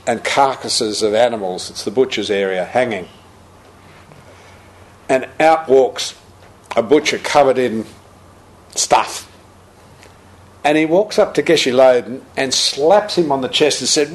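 A man, a Buddhist teacher telling lively stories and acting out the voices. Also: medium pitch. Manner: animated anecdotal storyteller, acts out quotes, laughs. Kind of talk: storytelling talk.

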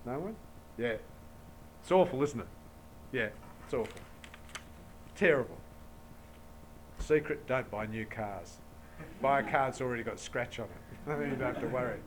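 A man's voice: medium pitch, animated, normal speed, pauses often, a little hiss or hum, poor audio. A man giving a Buddhist dharma talk to an audience, telling anecdotes and acting out dialogue in a jokey way. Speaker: Buddhist teacher.

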